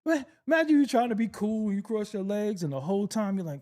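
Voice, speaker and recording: A man's voice: high-pitched, sing-song, fast talker, darkish tone. A man hosting a casual reaction video, joking, laughing often and swearing freely as he comments on clips.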